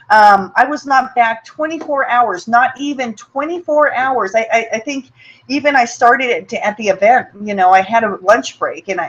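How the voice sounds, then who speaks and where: The audio is dull, carrying a medium-pitched woman who hosts a motivational webinar. Her delivery is sincere and personal, full of repeated words and frequent "okay?" check-ins.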